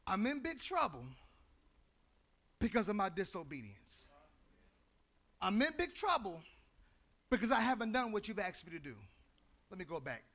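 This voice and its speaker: A male pastor preaching a sermon in a singing cadence, swinging between shouted, sung lines and low, quiet asides.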